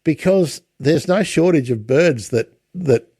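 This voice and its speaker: A man's voice: on the high side, expressive, measured pace, dark tone, slightly rough, dry recording. A man hosting an interview in a chatty way, often restarting his sentences. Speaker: podcast host. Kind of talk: casual interview chat.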